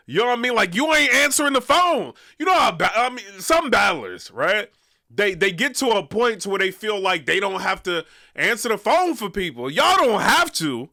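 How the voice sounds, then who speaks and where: A man's voice: sits high, big pitch swings, normal speed, sharp tone, dry recording, studio quality. A man hosting a casual commentary vlog, rambling and peppering his talk with "you know what I'm saying.". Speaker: vlog host.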